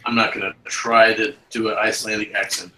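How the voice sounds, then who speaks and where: Halting game master man, bright voice. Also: lowish voice, little pitch movement, a little hiss or hum. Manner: halting, many ums. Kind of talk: narrating a tabletop game. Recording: roomy echo.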